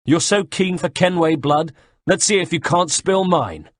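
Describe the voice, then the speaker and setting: A male audiobook reader voicing an intense, forceful young swordsman. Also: a little high, measured pace, no echo, studio quality, voice pushed up. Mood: furious. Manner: forceful, shouting. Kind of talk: audiobook character voice.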